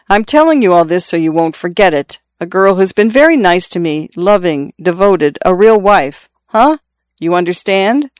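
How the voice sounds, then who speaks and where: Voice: medium pitch, clean tone, no room sound, natural voice. A narrator voicing a wounded middle-aged father who confides to his son in an insistent, repetitive way, short of breath. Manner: confiding, insistent, repeating himself. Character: dying middle-aged farmer father, earnest.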